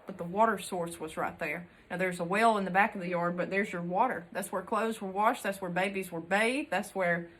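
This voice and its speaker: A woman's voice: medium pitch, brisk, hardly any pauses, a bit bright. A young woman from Alabama with a Southern accent, telling country childhood stories to her viewers in a chatty, folksy way. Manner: chatty and folksy, uses country sayings and laughs often. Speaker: homesteading vlogger. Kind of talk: casual storytelling to camera.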